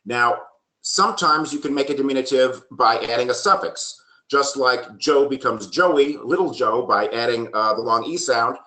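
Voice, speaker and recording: A man with a sharp-toned, mid-range voice lectures from slides at a genealogy workshop, keeping a moderate pace. He explains things steadily, peppering his talk with ums and the occasional dry joke, all in a roomy, echoing space.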